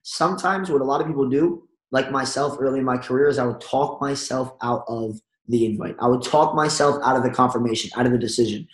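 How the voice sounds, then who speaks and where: Energetic man coaching, echoey room. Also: medium pitch, fast, few pauses. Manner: energetic, coaching, acts out phone calls. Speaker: network marketing trainer. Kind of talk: motivational training talk.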